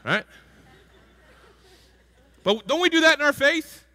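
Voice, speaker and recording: A man's voice: very high voice, expressive, slow pace, sharp tone. A male pastor giving a conversational sermon and asking the congregation questions. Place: church sanctuary. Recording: hall reverb from a church.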